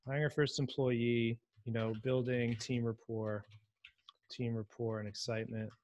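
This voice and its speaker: A man who works as a software engineer, a podcast guest chatting in a friendly, rambling way. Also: medium pitch, level tone, normal speed. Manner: friendly, rambling, chuckles, talks through tasks. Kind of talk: casual chat.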